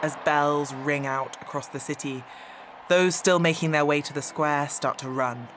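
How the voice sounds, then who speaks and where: A woman presenting and narrating a radio documentary in a measured, clear reporting voice. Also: deep voice, noisy background. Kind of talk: scripted narration.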